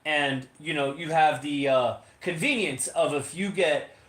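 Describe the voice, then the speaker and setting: A man's voice: on the high side, measured pace, fairly bright tone. A man co-hosting a podcast, talking in a rambling, profane, casual livestream monologue full of fillers, from his home. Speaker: podcast co-host. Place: home in Las Vegas. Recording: roomy echo.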